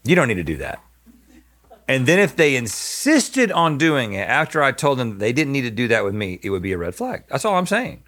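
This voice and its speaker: A middle-aged man in casual conversation who talks earnestly and at length. His pitch moves a lot, rising and falling as he makes his point. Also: sing-song, a little fast, a bit bright. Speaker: podcast co-host. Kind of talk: casual chat.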